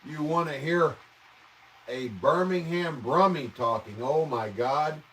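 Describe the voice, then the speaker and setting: A man's voice: on the high side, takes it slowly, a bit bright, a little hiss or hum. A man from the American Midwest, hosting a casual livestream and reacting to viewer comments with mock-outraged, profane exclamations. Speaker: livestream host. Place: home, indoors. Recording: voice a bit distant from the mic.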